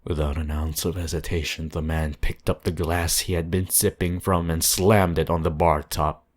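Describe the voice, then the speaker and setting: A man narrating a horror story in a slow, measured, somber reading voice. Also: low voice, steady tone. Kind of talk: scripted narration.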